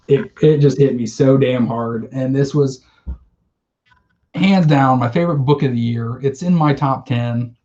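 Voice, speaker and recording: A man's voice: medium pitch, steady tone, normal speed, darkish tone, dull audio. A man co-hosting a casual podcast, telling a story with emotion and some swearing. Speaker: podcast co-host. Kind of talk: casual chat.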